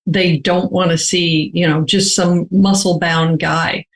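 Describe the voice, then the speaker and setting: An older American woman, an author, answering interview questions in a measured, thoughtful way, slowly stretching her key words. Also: lowish voice, steady tone, poor audio. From United States.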